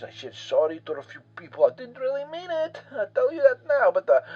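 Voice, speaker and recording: Male actor plays a rambling, bragging European eccentric, comic monologue, fairly high husky voice, dull lo-fi recording with faint music. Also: exaggerated voice. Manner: rambling, full of fillers and self-mockery. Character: rambling boastful European man, recovering drinker.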